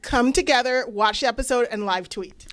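A woman's voice: a little high, moderate pace, a bit bright. A woman hosting a casual interview, playful and slangy as she asks questions. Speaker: interviewer host.

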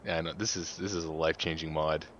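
A man's voice: fairly even intonation, fast, a bit bright. A man co-hosting a gameplay video, chatting casually and laughing often. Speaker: co-host playing a farming game. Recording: muffled low-fi mic with faint hiss.

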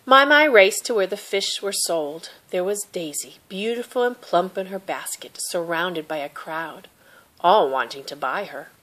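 A woman reads a children's picture book aloud in a gentle, expressive way. Her voice sits on the lower side. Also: a little slow. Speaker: storybook reader.

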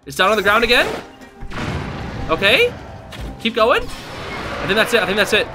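A man's voice: high-pitched, wildly swooping pitch, moderate pace. A young man giving casual live commentary while playing a video game, yelping and laughing under pressure and saying dude and bro. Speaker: gaming channel host. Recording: game music behind voice. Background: game music.

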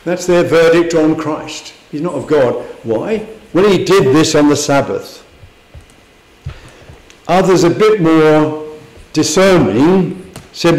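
A man's voice: on the high side, expressive, unhurried, darkish tone, roomy sound, low-quality recording. A man preaching a sermon in a church, earnest and full of rhetorical questions. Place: church hall.

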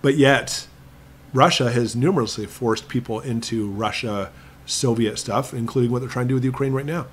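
Guy doing a prepping livestream q&a, emphatic, lecture-y, slows way down to hammer points. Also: medium pitch, slight background noise. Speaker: prepping channel host. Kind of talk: live stream Q&A.

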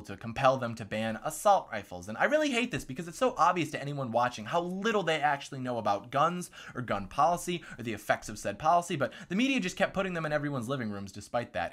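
A man's voice: mid-range voice, fairly bright tone. A man hosting a political commentary vlog, talking in a sarcastic, mocking way.

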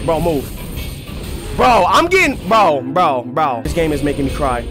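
A young man commentating his own gameplay, excitable and profane, trash-talking enemies and shouting at the screen. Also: fairly high pitch, measured pace. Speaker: gaming channel host. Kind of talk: let's play commentary. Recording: game music clearly behind the voice.

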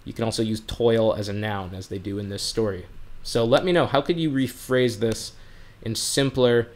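A man's voice: lowish voice, steady tone, normal speed. A man teaching English on a livestream from home, explaining words plainly and chatting with his viewers in a friendly way. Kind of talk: live-streamed language lesson.

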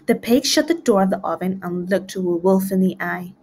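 A woman narrating a children's read-along storybook in a clear, rhythmic rhyming voice. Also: mid-range voice, moderate pace, darkish tone, a little hiss or hum. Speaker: storybook reader.

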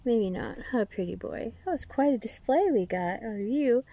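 A woman's voice: a little high, expressive, normal speed, mellow. A woman who cares for rescued birds chats outdoors with her pet bird, cooing praise at it. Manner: doting, coos praise at the bird. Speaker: bird sanctuary caretaker. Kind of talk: casual chat with a pet bird. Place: outdoors in the sun. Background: birds calling and cooing.

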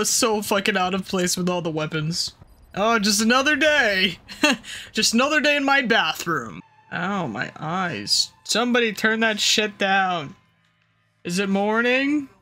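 A gaming creator voicing loud, profane, laughing reactions while playing through a game. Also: mid-range voice, expressive, unhurried, faint music behind. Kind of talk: let's play commentary.

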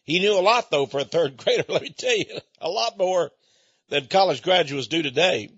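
A Texas radio host delivers a folksy conversational monologue, telling stories and chuckling often. His voice is fairly high, animated, a bit bright and slightly rough at a moderate pace, and the recording is dull and lo-fi with no echo.

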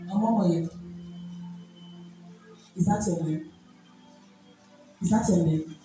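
A woman's voice: lowish voice, a little slow. A woman pastor with a Nigerian accent leading a deliverance ministration, issuing repeated rebuking commands. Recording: echoey church hall from far off with music.

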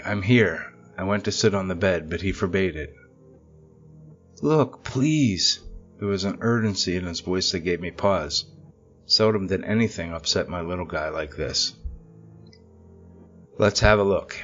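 A man narrating a scripted horror story in a measured, steady way. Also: deep voice, highs cut off.

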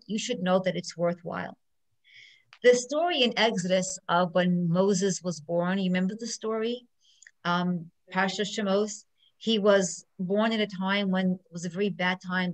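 Middle-aged woman judge, lively storyteller, inspirational talk. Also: mid-range voice, rough recording. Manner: animated storyteller who acts out quotes. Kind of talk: inspirational speech with stories.

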